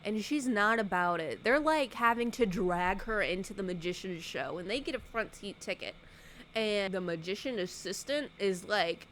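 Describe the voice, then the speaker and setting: A woman YouTuber giving a sarcastic, animated casual recap of a movie, acting out the characters' lines. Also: medium pitch, normal speed, a little hiss or hum.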